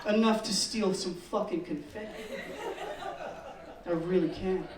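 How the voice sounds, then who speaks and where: A man performing a stand-up comedy set, telling a classroom story in a deadpan way, cursing, and squealing when he acts out the kids. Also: sits high, unhurried, crowd noise. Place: comedy open mic room. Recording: echoey room, mic heard from a distance.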